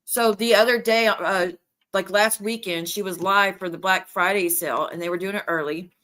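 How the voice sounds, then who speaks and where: A woman hosting a stream, retelling gossip in a rambling, animated way with many restarts. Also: mid-range voice, moderate pace. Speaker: livestream host. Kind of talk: casual gossip chat.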